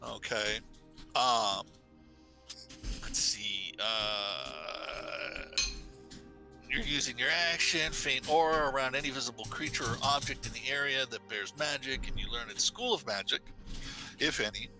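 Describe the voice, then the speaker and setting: A man running a tabletop game, voice sharp and bright. He rambles and hesitates while reading out rules. Soft music plays faintly behind him. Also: medium pitch, measured pace, rough recording. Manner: rambling, hesitant, looks up rules mid-sentence. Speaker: game master.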